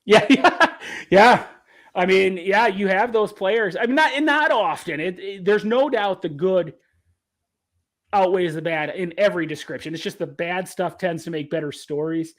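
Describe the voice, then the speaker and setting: A man's voice: high-pitched, unhurried, a bit bright. A man talking as an interview guest, a caddie reflecting earnestly and often restarting his sentences. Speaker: caddie and author, podcast guest. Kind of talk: casual interview talk.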